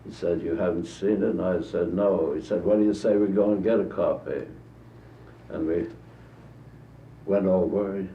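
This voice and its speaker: Low-voiced elderly man reminiscing. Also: mellow, slight background noise. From United States. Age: 80s. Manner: rambling anecdotal storytelling with halting restarts. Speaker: interviewee. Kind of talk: recorded archival interview. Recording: dull distant 1950s tape in an echoey room.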